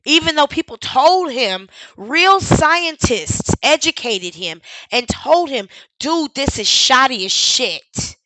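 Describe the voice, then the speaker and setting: Woman streamer, high bright voice, slow sarcastic delivery, blunt and profane. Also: big pitch swings, no echo, low-quality recording. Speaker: streamer reacting to a news clip. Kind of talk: live-stream reaction commentary.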